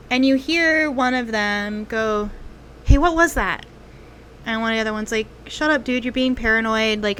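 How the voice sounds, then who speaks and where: A woman game master narrates a tabletop role-playing session in a fairly high voice. She talks slowly, with lots of ums and thinking pauses, and a faint hum sits behind her. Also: fairly bright tone. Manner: unhurried storytelling with frequent ums and pauses.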